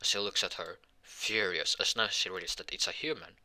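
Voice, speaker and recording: A man improvising a fan-fiction story out loud, rambling and halting with many restarts and self-corrections. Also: low voice, fairly even intonation.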